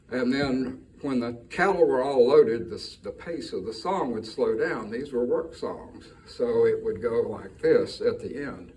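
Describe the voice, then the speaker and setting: A man introducing songs at a live showcase, telling their backstory in an unhurried storytelling way. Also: mid-range voice, expressive, dark tone, distant mic, a little hiss or hum, poor audio. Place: live music showcase venue, indoors.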